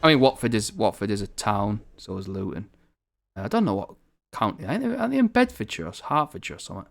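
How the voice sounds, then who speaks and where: Rambling northern English man, low-ish voice. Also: big pitch swings, quick pace, creaky, faint music behind. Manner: rambling, chatty, swears casually. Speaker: gaming video host. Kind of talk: casual strategy game commentary.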